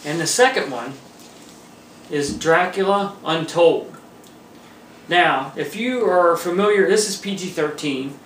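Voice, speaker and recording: A man hosting a casual home movie review, chatting in a relaxed way and laughing between points. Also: on the high side, takes it slowly, long pauses. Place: room at home by a table. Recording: roomy echo, mic far off, faint hiss.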